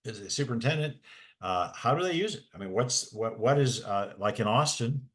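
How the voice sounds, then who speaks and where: A man's voice: mid-range voice, animated, fairly quick, fairly bright tone. A man, a special education advocate, talking in a folksy, rambling way with many restarts. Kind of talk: casual webinar talk.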